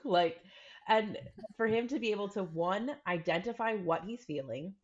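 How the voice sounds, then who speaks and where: A woman co-hosts a podcast, earnestly talking things over in casual chat and often acting out the examples she quotes. Her mid-range voice is expressive and moves at normal speed, captured in a dull lo-fi recording.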